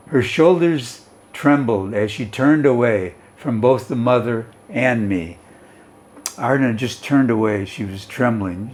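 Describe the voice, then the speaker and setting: A male teacher talking through a story in an English lesson, at a slow and deliberate pace. His voice sits in an ordinary middle pitch. He keeps stopping to check in with his students. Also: a little mellow. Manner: reads aloud and explains, often checking with "okay?".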